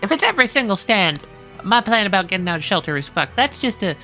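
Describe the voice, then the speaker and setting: A woman playing in a tabletop game, talking casually and quickly, laughing and swearing now and then. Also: mid-range voice, sing-song, bright, forceful tone, soft background music. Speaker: player.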